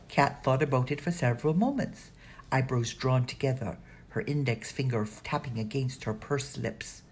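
A woman narrating a children's audiobook in a steady storytelling manner. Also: very deep voice, moderate pace.

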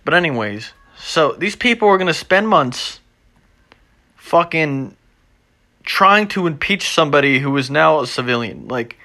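A young man hosting his own show, ranting off the cuff with constant swearing, moving between low mumbles and loud agitated outbursts. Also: lively intonation, a little slow. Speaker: podcast host. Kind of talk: unscripted ranting monologue.

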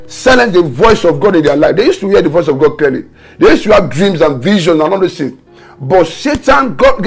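A male pastor preaches a fervent morning prayer, with a fairly high, gravelly and husky voice. He repeats his decrees and breaks into prayer in tongues. Soft music plays behind him. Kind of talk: online morning prayer sermon. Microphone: home camera setup for an online broadcast.

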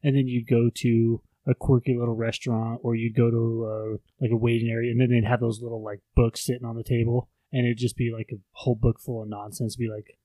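A man's voice: mid-range voice, flat delivery, fairly quick, few pauses, warm tone, no room sound. A man co-hosting a podcast in casual, rambling chat, swearing freely and joking around. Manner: rambling, profane, jokey. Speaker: podcast co-host.

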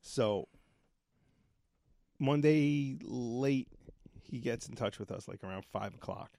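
A man co-hosting a podcast, telling a story in a profane, animated rant. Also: medium pitch, slow pace, creaky, no room sound, clean studio sound. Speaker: podcast co-host. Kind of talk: casual ranting chat.

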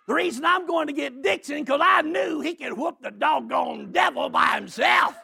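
A middle-aged man preaching a sermon as a lively story, often shouting and laughing as he tells it. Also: extremely high pitch, normal speed, vocal fry.

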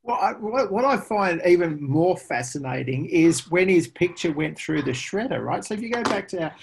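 A man being interviewed as a pricing expert, an animated storyteller who laughs often. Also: high-pitched, moderate pace, creaky, a little hiss or hum. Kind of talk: conversational interview.

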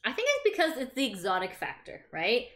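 A woman's voice: a little high, huge pitch swings, brisk, fairly bright tone. A woman co-hosting a casual chat podcast, talking animatedly with lots of "like" and casual swearing. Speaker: podcast co-host.

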